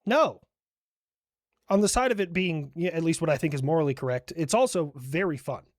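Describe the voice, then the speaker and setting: Man as a smug nation character in a comedy skit, lively pitch, dry recording. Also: brisk, no echo, lightly acted. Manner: conversational, self-justifying.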